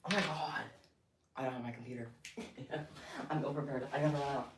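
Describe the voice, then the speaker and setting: This livestream host has a medium pitch and a fairly even intonation, talking fairly quickly yet leaving long pauses in casual stream chat. She comes across breathless, giggly and scattered, recorded on a distant mic with roomy echo and faint noise.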